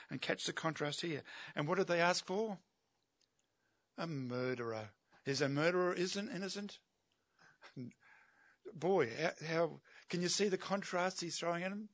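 A man's voice: high voice, a little slow, long pauses, a bit bright, no echo. A man preaching an expository sermon, emphatic and asking his listeners rhetorical questions.

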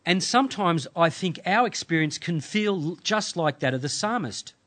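A man delivering a sermon in a slightly higher-pitched voice. He speaks in measured, earnest phrases, pausing often to let scripture sink in. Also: animated, a bit bright. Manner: measured, earnest preaching with dramatic pauses. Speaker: pastor.

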